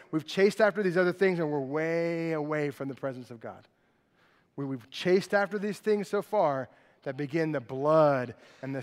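A high-pitched man delivers a sermon in a large auditorium, and his voice rings with a long hall reverb. He tells the story with animated energy and jokey, sarcastic asides, then drops into a quieter, earnest tone. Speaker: pastor.

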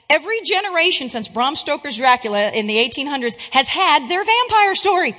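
Speaking in a large hall, a woman with a very high-pitched voice delivers a Christian talk. She teaches English and tells stories animatedly, frequently pausing to check in with the people listening.

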